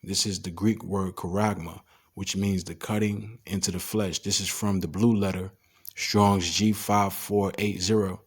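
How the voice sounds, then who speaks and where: A man's voice: sits low, fairly even intonation, measured pace, slightly rough. A man talking casually while explaining images and reading scripture aloud. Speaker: commentator on symbolism and scripture. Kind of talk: casual screen-share commentary.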